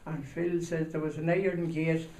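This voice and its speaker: A man rambles through a comic anecdote at an even middle pitch, breaking into loud shouted voices for the people in it. He sits well back from the microphone in an echoey room. A steady noisy hiss runs under the recording. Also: normal speed, far from the mic.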